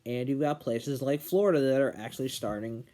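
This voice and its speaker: A young man from New Hampshire giving an earnest political commentary monologue, slowing down and stressing key words. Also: mid-range voice, dark tone. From New Hampshire, USA. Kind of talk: casual opinion monologue.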